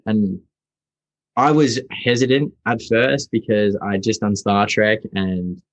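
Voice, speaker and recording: A young Australian man, a guest actor, chatting casually in an interview, halting and restarting often. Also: lowish voice, fairly even intonation, no echo, poor audio. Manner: halting, full of restarts and fillers.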